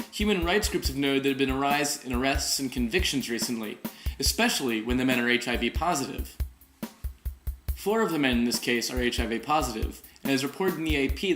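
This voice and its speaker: A man's voice: medium pitch, a bit bright, reverberant. A man hosting a weekly political commentary show, wry, opinionated and direct. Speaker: host.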